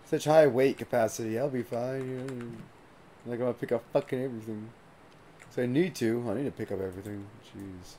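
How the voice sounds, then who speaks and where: A man's voice: mid-range voice, brisk, mellow, a little hiss or hum. A man streaming a video game live, chatting casually and swearing freely as he plays. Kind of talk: casual live gameplay commentary.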